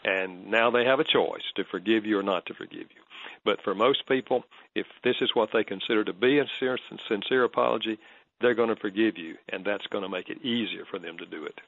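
A man, a counselor, calmly explaining advice in an interview and telling stories with quoted dialogue. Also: lowish voice, vocal fry, no room sound, dull audio. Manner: calm, measured, storytelling with quoted dialogue. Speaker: marriage counselor and author as guest.

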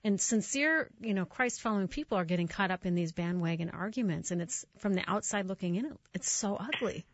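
A woman's voice: medium pitch, expressive, no echo. A woman hosting a radio talk show, interviewing a guest in a conversational way and laughing easily. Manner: warm conversational, quick to laugh. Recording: muffled radio broadcast audio.

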